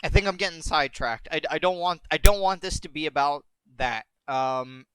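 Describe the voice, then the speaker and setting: A man with a slightly high, smooth and resonant voice talks on a live stream, halting and repeating himself as he fights back tears. The sound is dry and close, with no room around it. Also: fairly bright tone, no room sound. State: tearful, on the verge of crying. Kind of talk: emotional live-stream monologue.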